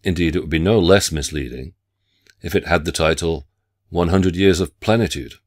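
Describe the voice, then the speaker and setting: A man delivering a scripted literature lecture in a measured, formal academic way. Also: sits low.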